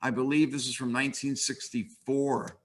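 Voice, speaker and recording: An older man in his sixties giving a webinar lecture on comics, relaxed and conversational, with wry asides. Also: medium pitch, normal speed.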